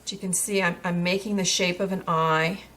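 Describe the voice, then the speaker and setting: A woman's voice: fairly low pitch, steady tone, fairly quick, a bit bright. A woman talking through a craft tutorial in a chatty way while she works, with frequent fillers and restarts.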